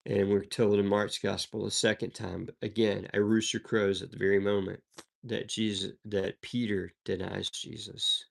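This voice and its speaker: Gravelly low-voiced man teaching scripture. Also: flat delivery, moderate pace. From American South. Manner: reads verses then explains them, conversational asides. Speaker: Bible teacher. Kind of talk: devotional Bible reading and commentary.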